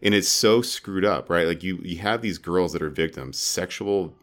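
Man, low voice, podcast co-host, casual chat, rambling, filler-heavy. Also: moderate pace, a bit bright. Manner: rambling, many filler likes.

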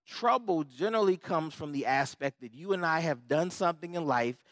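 A pastor preaching a conversational sermon, repeating key words for emphasis and checking in with the congregation. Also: male voice, a little high, a bit bright, no echo. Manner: repetitive, emphatic phrasing.

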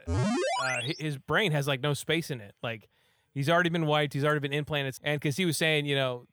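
A man's voice: fairly high pitch, steady tone, fairly quick, fairly bright tone. A man giving a casual, rambling movie recap, full of fillers and acted-out quotes.

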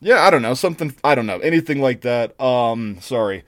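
A man co-hosting a podcast, chatting casually and telling stories in an animated, swearing way. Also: medium pitch, brisk, dry recording, clean studio sound. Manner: animated, profane storytelling with restarts. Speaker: podcast co-host. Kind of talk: casual chat.

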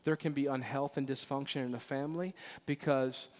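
A pastor in his forties giving a sermon, telling stories with laughter and moving between loud emphasis and quiet, earnest lines. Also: mid-range voice, brisk. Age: 40s. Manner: animated storytelling with laughter, swings between loud and hushed. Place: church sanctuary. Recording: long reverb of a church hall.

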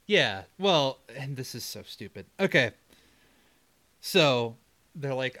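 A man co-hosting a casual movie recap podcast, joking, swearing and acting out characters in quick bits. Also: mid-range voice, pushed and bright. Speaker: podcast co-host.

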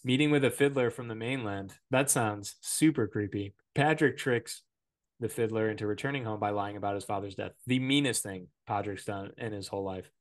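A man's voice: on the low side, brisk. A man hosting a podcast, recapping a movie plot in a casual, joking, rambling way full of filler words. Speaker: podcast host. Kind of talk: casual movie-review chat.

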